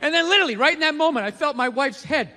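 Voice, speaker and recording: A male stand-up comic rants with a high, bright, sharp-edged voice. His delivery is exasperated and full of profanity, and it rings through a hall with a long tail of reverb and faint ambient noise behind it. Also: animated, racing. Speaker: stand-up comedian. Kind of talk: stand-up comedy routine. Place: comedy stage before a live audience.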